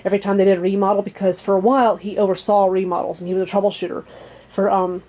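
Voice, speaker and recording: A young woman talks to her camera from her bedroom in a loose, rambling way, full of fillers and little laughs. Her voice sits at an ordinary middle pitch for a woman. The tone is frank and chatty. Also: little pitch movement, racing. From American Midwest or South region. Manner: frank and chatty, laughs softly between thoughts. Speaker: vlogger. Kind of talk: casual chat to camera.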